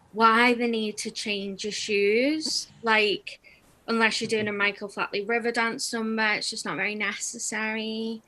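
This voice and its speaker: A woman's voice: a little high, bright, forceful tone, rough recording. A young woman comedian doing a chatty, self-deprecating stand-up set over a video call, laughing between jokes. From England.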